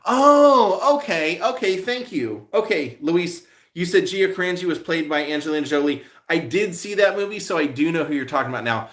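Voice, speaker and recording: A man's voice: a little high, animated, a little fast, few pauses. A man hosting a casual live stream, rambling along with lots of fillers as he answers viewers' comments.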